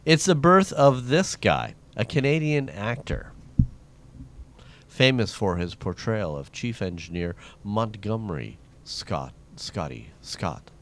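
A man's voice: on the low side, slow, a little hiss or hum. A man hosting a trivia segment on a radio show, reading history questions in casual banter. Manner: reads history questions, lively intonation. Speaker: trivia host.

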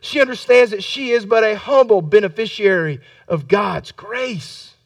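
Man preaching, very high voice, dry sound, mic set back, fervent repetitive sermon. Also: unhurried, no room sound, far from the mic. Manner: repetitive, building to fervent shouts. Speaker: Baptist pastor.

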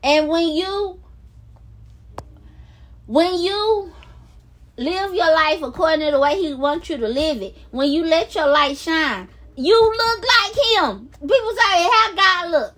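A woman records herself on her phone, speaking in a very high voice and pouring out excited praise. She stretches words out and drifts into half-sung exclamations, taking it slow and unhurried. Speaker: vlogger. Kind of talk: excited casual vlog talk about faith.

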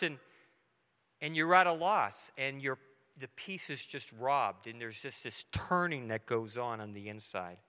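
A middle-aged male preacher with a somewhat high, bright, forceful voice, speaking earnestly and conversationally from the pulpit. His sermon rings through a church sanctuary with a long, lingering echo. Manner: earnest, conversational, acts out dialogue. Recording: long reverberant hall.

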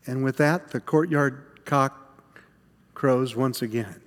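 A man playing the frightened, guilt-stricken apostle Peter in a dramatic first-person monologue, halting and stammering over his words. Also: medium pitch, in a large hall, natural voice. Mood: ashamed.

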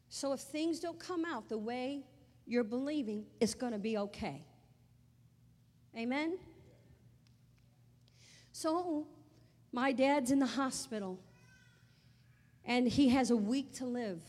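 A woman's voice: a little high, expressive, takes it slowly, long pauses, big-room sound. A woman preaching a sermon, telling an emotional personal story that swells into exclamations.

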